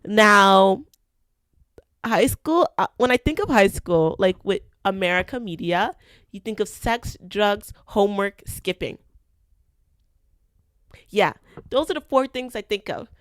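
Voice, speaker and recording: A young woman from Canada hosting a podcast, telling a school story in a chatty, animated way and acting out the quotes. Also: mid-range voice, takes it slowly, pauses often, smooth, no echo. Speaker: podcast host. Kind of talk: casual storytelling.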